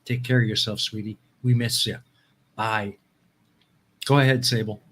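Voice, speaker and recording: A man's voice: on the low side, steady tone, normal speed, fairly bright tone, a little hiss or hum. A man hosting a casual talk show, giving short replies and reading viewer chat aloud. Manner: reads chat messages aloud, short affirmations. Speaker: host.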